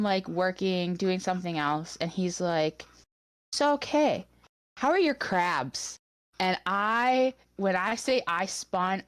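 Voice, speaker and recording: A young woman with a lowish, smooth voice tells a work story in lively, quick bursts. Her voice is dry and close to the mic. She sounds at ease chatting with her co-hosts. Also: no echo. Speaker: podcast co-host. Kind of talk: casual storytelling chat.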